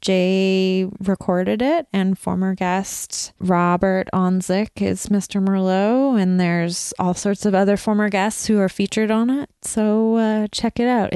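A woman's voice: mid-range voice, dark tone, clear, resonant tone, no room sound, clean studio sound. A woman co-hosting a podcast, chatting casually and plugging her music with fillers. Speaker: podcast co-host. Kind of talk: casual chat.

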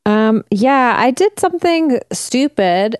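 A woman in casual podcast chat who swears freely and jumps up in pitch as she gets excited. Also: takes it slowly, no room sound, clean studio sound.

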